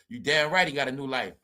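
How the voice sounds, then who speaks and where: A man hosting a profane gossip commentary stream, loud and mocking, repeating phrases and laughing at his own jokes. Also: on the high side. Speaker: commentary channel host.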